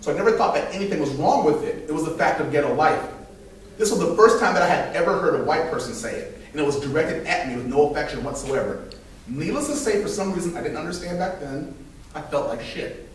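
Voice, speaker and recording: Animated male storyteller in an echoey room. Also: on the high side, fast talker, slight background noise. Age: 30s. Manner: animated, laughing between punchlines, acting out voices. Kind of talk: live spoken-word storytelling at an open mic. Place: open mic venue. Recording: very echoey room, mic far off.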